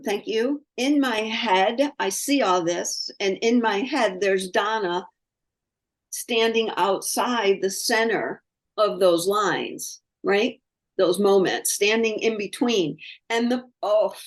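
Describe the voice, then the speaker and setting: Slow-speaking woman in a spiritual talk. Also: medium pitch. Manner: slow, searching, trailing phrases. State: tearful, crying. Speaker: spirit messenger, podcast host. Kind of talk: spiritual conversation, channeling. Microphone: video call.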